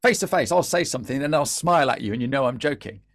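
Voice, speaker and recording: Man, podcast guest, lively and animated, mid pitch, dry recording. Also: fast talker, no echo. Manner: animated, lively, stumbling restarts. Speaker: podcast guest, LinkedIn trainer. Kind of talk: casual conversational interview.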